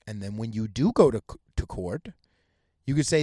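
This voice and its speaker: A man's voice: fairly low pitch, lively intonation, normal speed, warm tone, no room sound, clean studio sound. A man hosting a podcast, delivering a heated, profane solo rant that mocks its targets and stumbles over restarts. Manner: stammers and restarts mid-sentence. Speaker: podcast host.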